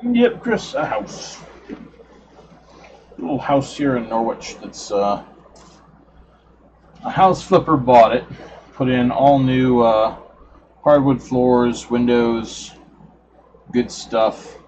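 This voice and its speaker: Middle-aged guy rambling to his stream chat, slow easygoing talk, kinda muffled audio. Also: mid-range voice. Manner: relaxed, rambling, chats with viewers by name. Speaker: crafting livestream host. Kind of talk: casual chat while crafting. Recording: dull livestream audio with background noise.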